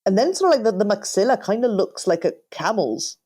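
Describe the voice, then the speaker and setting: A woman's voice: medium pitch, very animated, fairly quick, darkish tone, breathy edge. A woman co-hosting a casual podcast chat, thinking aloud with hesitant, self-correcting phrasing. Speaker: podcast co-host.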